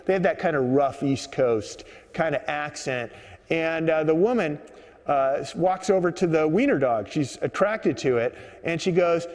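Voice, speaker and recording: A man with a fairly high voice tells a long rambling story, full of uh's and restarts. He's standing on an underground subway platform, and his voice rings with a long echo. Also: moderate pace. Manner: rambling, many uh fillers, relaxed. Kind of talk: live storytelling monologue.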